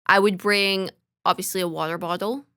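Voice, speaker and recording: A woman's voice: medium pitch, steady tone, moderate pace, a bit bright, clear, resonant tone, no room sound, clean studio sound. A woman co-hosting a podcast in casual chat, blunt and incredulous, joking and swearing casually. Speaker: podcast co-host.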